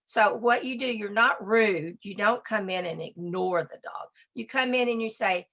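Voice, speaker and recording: A woman giving a presentation on dog behavior, talking in a brisk, emphatic and conversational way. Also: medium pitch, fairly bright tone. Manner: talks to a slide assistant. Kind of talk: presentation lecture.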